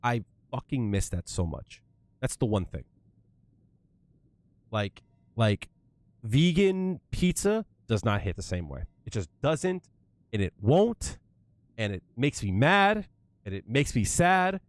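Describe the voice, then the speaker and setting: A young man talking straight to his stream chat in a loose, profane, conversational way. His pitch is lively and climbs high as he rants. The sound is dry and close, with no room around it. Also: slow, pauses often, no echo. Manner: animated, swearing, rising to worked-up rants. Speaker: livestreamer. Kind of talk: casual livestream chat.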